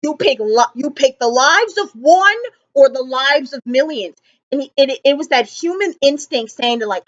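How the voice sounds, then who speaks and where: A high-voiced young woman rants through a casual movie reaction, animated and exasperated. She leans on dramatic pauses. The sound is a little dull and lo-fi. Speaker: vlogger.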